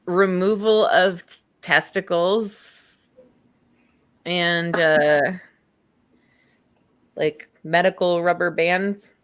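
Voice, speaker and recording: Young female podcast co-host, lowish voice, slow unhurried delivery, casual storyteller who acts out the quotes. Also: fairly even intonation, clear, resonant tone. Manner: storytelling with acted-out quotes and laughter. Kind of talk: casual true crime chat.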